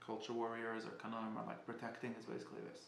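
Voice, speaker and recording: A man giving a casual spoken class, halting and often restarting as he searches for words. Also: fairly low pitch, monotone, vocal fry, roomy sound, slight background noise. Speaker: teacher.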